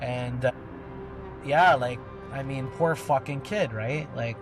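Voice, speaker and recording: A man's voice: medium pitch, slow pace, over music. A man telling a personal story on a podcast, rambling and swearing, with lots of filler words. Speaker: podcast co-host. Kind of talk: casual storytelling.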